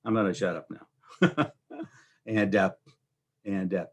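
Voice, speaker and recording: Host, male, lowish voice; loose, rambling motivational chat that keeps checking in with the listener. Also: takes it slowly. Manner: rambling, conversational, often asks "right?". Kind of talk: casual motivational talk.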